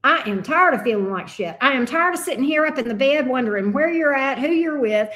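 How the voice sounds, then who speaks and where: A woman's voice: high-pitched, expressive, brisk, fairly bright tone. Woman voicing a fed-up, swearing adult. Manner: exasperated, blunt, swearing. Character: fed-up weary adult, done with a bad partner.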